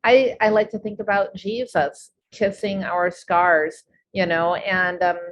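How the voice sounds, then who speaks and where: A woman's voice: mid-range voice, little pitch movement, a little slow. A woman hosting an interview, responding to her guest with affirming remarks. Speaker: podcast host. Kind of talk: interview talk. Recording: dull lo-fi with faint noise.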